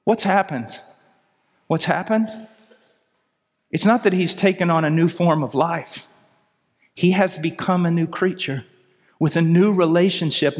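A middle-aged man from the United States preaching a sermon, impassioned, moving from loud pleading to low intensity. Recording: long reverb of a large hall.

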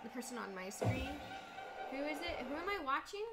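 A young woman co-hosting a casual livestream, bubbly and animated as she reacts to a game. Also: sits high, moderate pace, loud music behind the voice. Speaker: livestream co-host.

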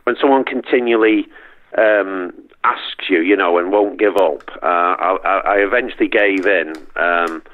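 A middle-aged man from Northern England with a Manchester accent, chatting as an interview guest in a halting way with lots of restarts. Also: low voice, phone-quality sound. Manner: halting, many restarts and repeats. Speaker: guest, performer. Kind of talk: casual interview chat.

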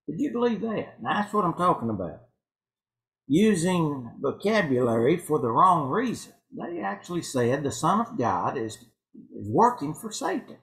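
A man's voice: a little high, a bit bright, low-quality recording. A male pastor giving an evening sermon in a church, folksy and fond of telling jokes. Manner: folksy joke-telling preacher. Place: church sanctuary.

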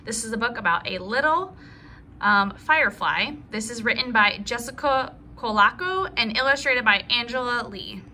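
A female teacher reads a picture book aloud to preschoolers, her voice on the high side and livened with small asides to the kids. She tells the story slowly and with animation, and there's slight background noise.

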